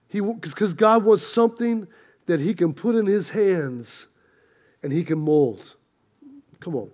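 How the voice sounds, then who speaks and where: A man's voice: high-pitched, expressive, measured pace, long pauses, a little mellow. A male pastor preaching a sermon, building emphasis and mixing in humor.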